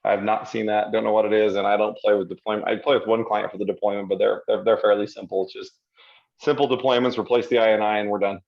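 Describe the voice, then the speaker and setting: A man co-hosting a live software Q&A show, chatting casually and rambling, with self-deprecating asides. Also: lowish voice, level tone, fast, gravelly. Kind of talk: casual conversational livestream chat. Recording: slightly dull lo-fi stream audio.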